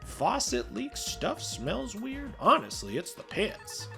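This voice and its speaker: A woman's voice: fairly high pitch, huge pitch swings, takes it slowly, vocal fry, fairly bright tone, faint music behind, full character voice. A woman voicing a playful old male angel who gambles, cheery and teasing.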